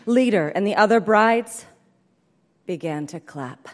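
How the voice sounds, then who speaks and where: A woman performing a comic story reading live, in a brisk, deadpan manner, heard in an echoey hall. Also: mid-range voice. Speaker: comedic storyteller.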